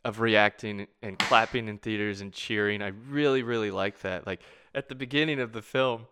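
A man in casual conversation about a film, excitable and laughing often, quoting lines from the movie. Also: on the low side, normal speed, noisy background. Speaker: movie fan discussing a film. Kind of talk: casual chat.

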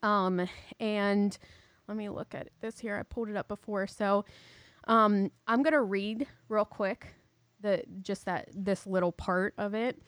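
A woman's voice: mid-range voice, fairly even intonation, unhurried, fairly bright tone, dry recording. Chatty, slightly breathless woman. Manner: chatty, rambling, filler-heavy, laughs often. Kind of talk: casual faith chat.

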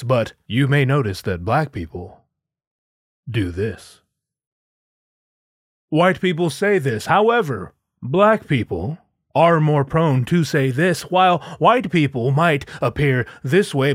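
A man's voice: husky, no echo, studio quality, heavily acted. A man doing an impression of a veteran male stand-up comic, speaking in a formal, lecturing way. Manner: formal, lecturing, low and measured.

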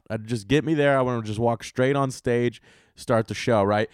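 A young man hosting a solo podcast, telling rambling, profane comic stories with bursts of loud excitement. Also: mid-range voice, fast, no echo, clean studio sound. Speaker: podcast host and stand-up comedian.

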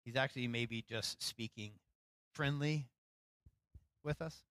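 A man, a pastor, preaching a sermon in a relaxed, conversational way, acting out lines with rising animation and poking fun at himself. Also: medium pitch, slow pace, no room sound, poor audio. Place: church.

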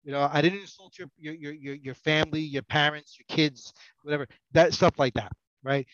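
A man's voice: a little high, fairly even intonation, moderate pace, fairly bright tone, no room sound, lo-fi sound. A middle-aged man chatting as a podcast guest, rambling and self-mocking, with many restarts. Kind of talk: casual podcast banter.

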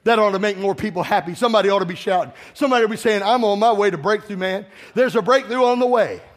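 A man preaches in a high, bright register, exhorting his congregation and calling for them to answer him. He moves between scripture and personal stories. His voice carries a long reverb from the large church sanctuary. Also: quick pace. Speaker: pastor. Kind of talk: sermon.

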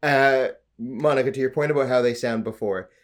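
A man from Alberta co-hosting a casual podcast chat about a TV show, talkative and quick to laugh. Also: medium pitch. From Canada, Alberta. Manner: chatty, laughs often, quick bursts. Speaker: podcast co-host.

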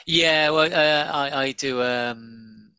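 A man's voice: medium pitch, slow, pushed and bright, clean tone, dry recording, rough recording. A man, a comedian chatting casually and telling stories with many fillers and restarts. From Devon and Cornwall, England. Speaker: stand-up comedian. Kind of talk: casual conversation.

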